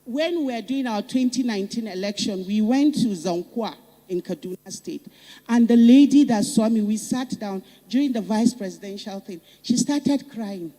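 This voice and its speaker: Nigerian woman, passionate summit speaker, mellow tone, repeats for emphasis; hall reverb. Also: a little high, animated, normal speed. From northern Nigeria. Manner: fervent, repeats phrases for emphasis. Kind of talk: impassioned public speech. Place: conference hall.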